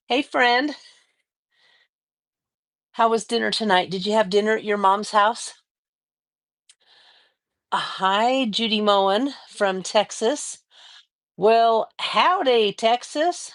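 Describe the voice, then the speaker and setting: Her voice is on the high side and a bit bright, slow-paced with long pauses. She's a woman from the American Mountain West hosting a laid-back quilting stream from her home studio, greeting viewers by name as she chats.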